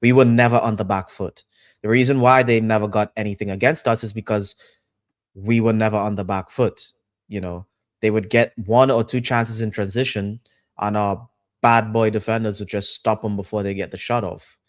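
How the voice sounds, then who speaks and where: A man's voice: lowish voice, fairly even intonation, moderate pace, dry recording, clean studio sound. A man on a podcast panel, talking football in a casual, emphatic way, repeating his points with lots of fillers.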